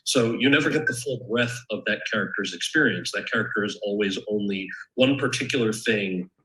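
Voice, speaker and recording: Guest author, male, bright forceful tone, candid and thoughtful, moves from memoir reading to Q&A, keeps restarting sentences. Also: on the low side, fairly quick, low-quality recording. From United States. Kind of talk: reading from his memoir, then answering questions. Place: event stage or panel, indoors.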